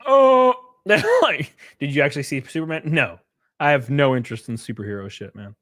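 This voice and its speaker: This man, hosting his livestream, has a medium-pitched, expressive voice and talks a little fast. He rambles and curses in a casual rant, loud one moment and muttering the next, chuckling often.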